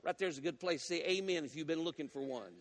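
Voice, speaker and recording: A man preaching a sermon as a guest, folksy and animated as he tells stories and teases the congregation. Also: a little high, fast, long reverb tail. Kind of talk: sermon with storytelling. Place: church sanctuary.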